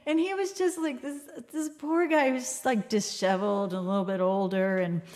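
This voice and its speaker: A woman's voice: medium pitch, steady tone, normal speed, darkish tone. A woman hosting a music livestream, telling a story in casual chat and acting out the voices with laughs.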